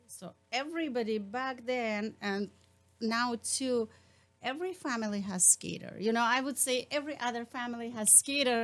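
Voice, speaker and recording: Russian-accented woman chatting on radio. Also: a little high. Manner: halting, searching for English words, laughs often. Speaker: guest. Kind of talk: casual radio chat.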